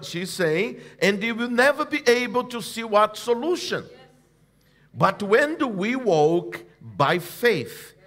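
High, lively preaching man, slow. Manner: call-and-response preaching, prompting the congregation to repeat; emphatic, repetitive phrasing. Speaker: pastor. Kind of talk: sermon. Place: church service.

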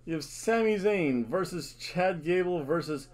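A middle-aged man hosts a casual wrestling predictions vlog with a playful showman's flair, dropping announcer-style catchphrases. His voice sits a little high for a man, and he talks at an unhurried, slow pace. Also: lively intonation. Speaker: host.

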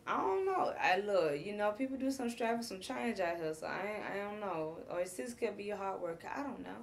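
A woman hosting a casual chat show, recapping a reality series in a chatty, animated way with slangy asides. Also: mid-range voice, fairly quick, creaky. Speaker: host.

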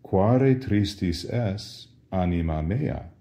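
A man's voice: low-pitched, expressive, takes it slowly, mellow. A man teaching Latin altar server responses in a patient question-and-answer drill, asking how to say each phrase and then answering it. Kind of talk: slow drill-style language lesson.

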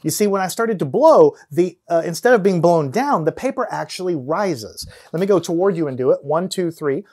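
A man's voice: high-pitched, animated, normal speed, a little mellow. Man explaining physics demos. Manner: explains step by step, counts down before each demo. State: out of breath at times from blowing. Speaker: science teacher. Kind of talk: hands-on physics demonstration.

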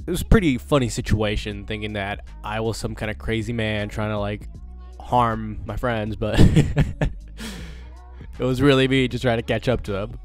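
A man's voice: lowish voice, steady tone, normal speed, few pauses, faint music behind. Young man rambling through a story. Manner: rambling, profane, lots of fillers. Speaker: vlogger. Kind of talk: casual storytelling.

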